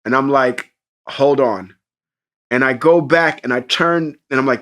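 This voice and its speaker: A man co-hosting a podcast, telling an animated, profane story in casual chat and jumping into excited voices for the people in it. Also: mid-range voice, a little slow. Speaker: podcast co-host.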